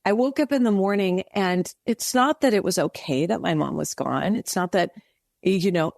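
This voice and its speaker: A woman guest on a podcast, telling an earnest, animated faith story with many restarts. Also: mid-range voice, normal speed, vocal fry, no echo, clean studio sound. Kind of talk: faith testimony in casual interview.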